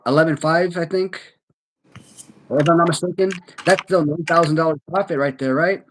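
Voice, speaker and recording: A man hosting a casual chat, talking things through slowly with many fillers and restarts. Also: fairly high pitch, slight background noise, poor audio. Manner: thinking aloud, hesitant, many fillers.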